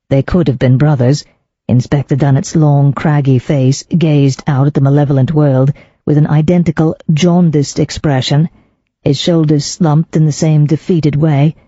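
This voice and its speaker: Measured storybook narrator, warm and husky, close dry sound. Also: mid-range voice, no echo, dull audio. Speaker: audiobook narrator. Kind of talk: scripted narration.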